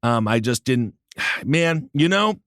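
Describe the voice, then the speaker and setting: A man's voice: mid-range voice, expressive, slow, a bit bright, no room sound. Laid-back, dry-humored male podcast host. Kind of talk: casual comedy podcast chat.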